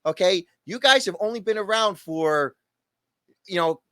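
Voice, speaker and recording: Man, casual podcast co-host, bright tense voice, animated storytelling, dry close sound. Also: high voice, a little slow, clear, resonant tone, dry recording. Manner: animated storyteller, acts out quotes with rising outrage. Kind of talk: casual chat.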